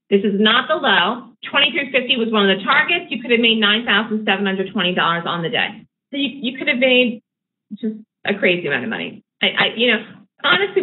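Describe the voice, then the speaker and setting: A woman running a live trading webinar, teaching chart patterns in a brisk, emphatic, conversational way. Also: mid-range voice. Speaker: day trading educator. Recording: tinny phone-like line with faint noise.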